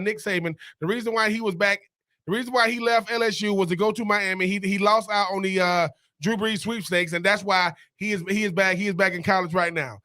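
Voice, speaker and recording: A man's voice: high voice, pushed and bright, no echo, studio quality. A man co-hosting sports talk radio who speaks emphatically and lays out his opinions point by point.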